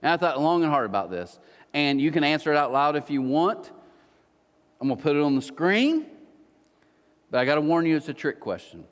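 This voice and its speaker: Speaking fairly quickly but with long pauses, a pastor delivers a sermon full of joking stories and playful jabs at his congregation. His voice is fairly high and very animated. The sound echoes with long reverb from the large church auditorium.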